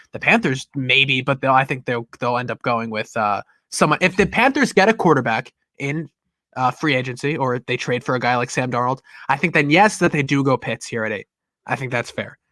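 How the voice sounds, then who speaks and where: A man's voice: mid-range voice, pushed and bright, no echo, studio quality. A man hosting a football podcast, talking through draft picks in a casual, rambling way that often stops and restarts. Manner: rambling, self-interrupting. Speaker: podcast host.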